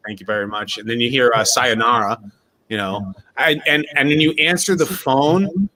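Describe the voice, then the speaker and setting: A man in his forties hosts a relaxed livestream hangout with friends. His voice is bright and forceful, and he rambles happily from one thought to the next, laughing often. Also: medium pitch, moderate pace. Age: 40s. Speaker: livestream host. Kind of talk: casual chat.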